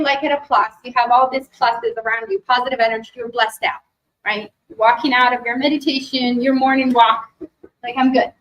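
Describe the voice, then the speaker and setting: A high-pitched woman speaking to a live workshop group. She talks in an animated way, acts out what other people say and keeps asking "right?", then slows into a guided meditation. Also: low-quality recording. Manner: animated, acts out quoted voices, frequent "right?". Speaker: spiritual workshop presenter. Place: expo workshop room.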